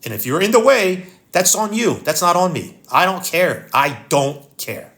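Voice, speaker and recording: A man's voice: high-pitched, sing-song, normal speed, gravelly, a bit bright. A man with a Philadelphia accent hosting a casual live stream, reading viewer comments aloud and answering them bluntly. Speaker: livestream host reading comments.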